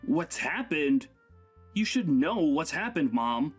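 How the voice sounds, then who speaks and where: A man's voice: on the high side, big pitch swings, takes it slowly, slightly rough, faint music behind, heavily acted. A man voicing a grown son who scolds his overbearing mother in an exasperated way. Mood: scolding.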